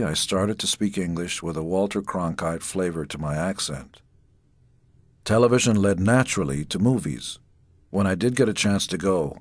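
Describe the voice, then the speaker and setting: A middle-aged man from Israel reads his own memoir aloud, in measured, dry storytelling with deadpan asides. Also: low-pitched, no echo. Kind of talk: memoir audiobook narration.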